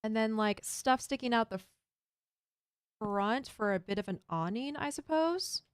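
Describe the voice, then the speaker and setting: Building in Minecraft on stream, this woman thinks out loud and chats casually while reading her chat. She speaks a little slowly in a fairly high, expressive, smooth voice, and the dry recording is studio quality.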